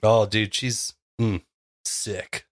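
A man's voice: on the low side, steady tone, extremely slow. A young man co-hosting a podcast in loose casual chat, rambling with lots of fillers and laughs. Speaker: podcast co-host.

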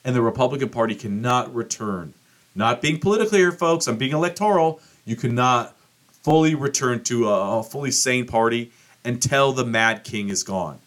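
A man's voice: medium pitch, animated, normal speed, fairly bright tone. Profane ranting male podcast host. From United States. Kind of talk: casual political commentary.

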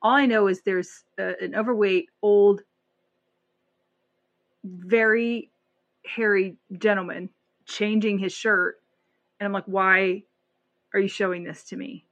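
Woman, podcast co-host, mid pitch, animated retelling, casual chat. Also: slow pace, pauses often, muffled recording. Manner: animated retelling, acts out voices.

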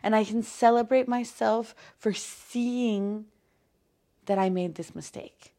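A woman's voice: medium pitch, warm tone. A young woman hosting a solo podcast, just woken up and yawning, talking in a rambling, self-deprecating way with many fillers and sudden drops to a whisper. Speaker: podcast host. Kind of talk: casual solo podcast monologue.

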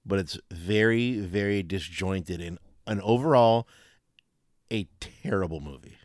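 A man co-hosting a casual podcast, rambling and animated with lots of fillers. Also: low-pitched, measured pace, no echo, clean studio sound. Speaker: podcast co-host. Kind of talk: casual chat.

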